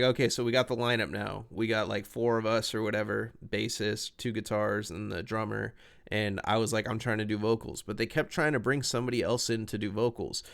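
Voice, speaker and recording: Smooth-voiced man telling profane stories. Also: fairly low pitch. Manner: profane, animated, laughing storyteller. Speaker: musician guest. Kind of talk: casual storytelling.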